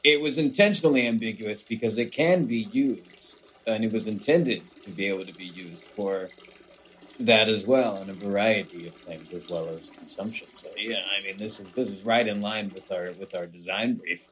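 A man co-hosting an improvised comedy show, talking in a halting, giggly way. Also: on the low side, a bit bright, rough recording.

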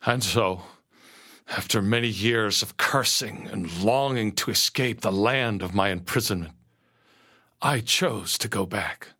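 A man narrating a first-person story slowly and earnestly, dropping to a hush at moments. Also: lowish voice, husky. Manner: slow, earnest storytelling with quiet hushed moments.

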